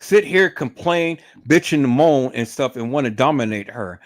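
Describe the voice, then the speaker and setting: This streamer's rant grows heated, full of profanity, repeated words, and restarts. His mid-range voice is animated and at normal speed, in a studio-quality recording with no room sound.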